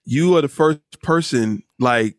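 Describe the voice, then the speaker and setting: A man's voice: medium pitch, a little slow, no echo, studio quality. A man guesting on a podcast, talking casually and heaping praise on the host. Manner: effusive, warm praise, frequent restarts. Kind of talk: casual chat.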